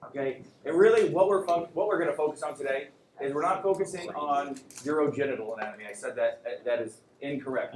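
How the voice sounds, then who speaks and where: A man teaching an anatomy class, lecturing casually, joking and quizzing his students. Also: mid-range voice. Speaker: anatomy and physiology instructor. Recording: echoey classroom, faint room hum.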